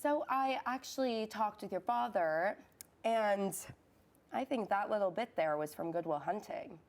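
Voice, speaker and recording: An actress playing a therapist who questions her patients in a measured, dry and probing way, in a comedic student film. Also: medium pitch, lightly acted. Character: patient, increasingly exasperated woman therapist.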